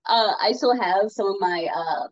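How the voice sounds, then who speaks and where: A woman's voice: mid-range voice, moderate pace, lo-fi sound. A woman in her thirties or forties from Minnesota, a podcast guest chatting casually and enthusiastically with lots of fillers. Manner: enthusiastic, rambling with many fillers. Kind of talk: casual chat.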